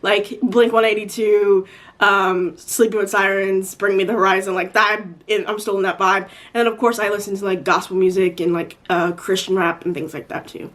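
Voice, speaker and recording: A woman's voice: mid-range voice, little pitch movement, normal speed, fairly bright tone. A woman in her twenties answering viewer questions in a casual, rambling chat full of fillers like "like" and "um". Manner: chatty, rambling with many "like" and "um".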